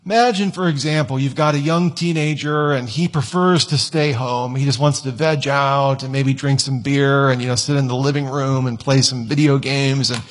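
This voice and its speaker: A man's voice: mid-range voice, steady tone, normal speed, few pauses. A male pastor preaching a conversational sermon in church, now and then acting out whiny quoted voices.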